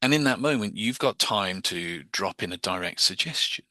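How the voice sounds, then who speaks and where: Bright-voiced man teaching hypnosis techniques. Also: lowish voice, animated, dry recording. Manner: chatty, restarts and repeats words, acts out quick examples. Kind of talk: informal teaching talk.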